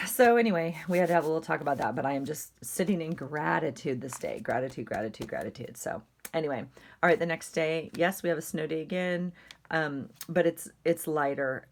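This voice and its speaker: A middle-aged woman chatting casually and rambling through a journal flip-through, with plenty of fillers. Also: low-pitched. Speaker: journaling vlogger.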